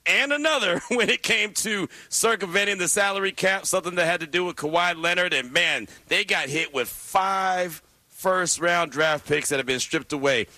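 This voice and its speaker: A man's voice: sits high, normal speed, sharp tone, no room sound. A man hosting a sports radio show in a studio, teasing his co-host and laughing often in casual banter. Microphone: studio microphone.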